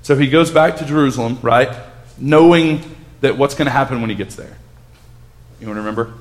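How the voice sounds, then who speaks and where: A man's voice: medium pitch, fairly quick. A man leading a casual bible study. He asks the group questions and reads scripture aloud with rising emphasis.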